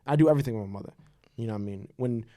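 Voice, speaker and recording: A man's voice: mid-range voice, mellow. A young man co-hosting a podcast, telling a personal story in casual chat. He talks straightforwardly and acts out the lines of the people in his story. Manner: fast, straightforward storytelling, acts out quoted dialogue. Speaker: podcast co-host.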